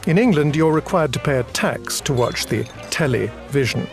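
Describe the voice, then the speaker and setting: A deadpan narrator from an educational game, slow and matter-of-fact at a middle pitch. Game music sits clearly under every line. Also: male voice. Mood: flat. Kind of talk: scripted narration.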